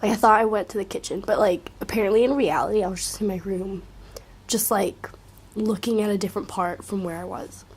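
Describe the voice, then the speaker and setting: A young woman tells a rambling story to her camera in a husky, mid-pitched voice. She peppers it with profanity and filler likes, and often sinks into a hushed near-whisper. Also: brisk.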